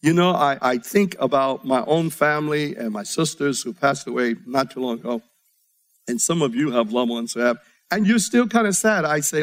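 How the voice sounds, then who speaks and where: A man preaching a sermon to a congregation, reading scripture aloud, his delivery swinging between soft, quiet passages and rising emphasis. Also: mid-range voice, normal speed.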